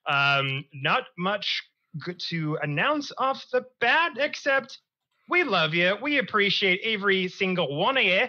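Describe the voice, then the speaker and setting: High-spirited man game master, bright voice. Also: measured pace, lo-fi sound. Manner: energetic, joking, high-spirited. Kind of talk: opening and recapping a tabletop game stream.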